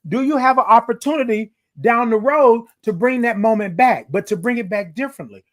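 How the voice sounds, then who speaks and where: A man's voice: very high voice, a little fast. A young man hosting a motivational livestream, talking casually to viewers, greeting commenters by name and stretching out his greetings with a playful sing-song. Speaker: livestream host.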